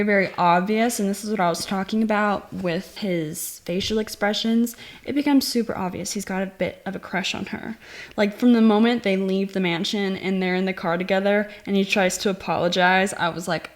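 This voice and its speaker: Chatty woman reviewing a movie. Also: medium pitch. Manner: animated retelling, acting out quoted lines; chatty, many "like" fillers.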